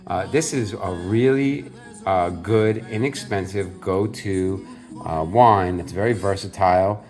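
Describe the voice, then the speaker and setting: A man with a fairly low voice hosts a relaxed cooking video from his home kitchen. He talks in a chatty, joking way and playfully corrects how people say Italian food words. His delivery stays loose and conversational, like a friend walking you through a recipe. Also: a little slow, faint music behind. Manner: chatty, jokey, playfully insistent on Italian pronunciations. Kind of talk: casual cooking demonstration.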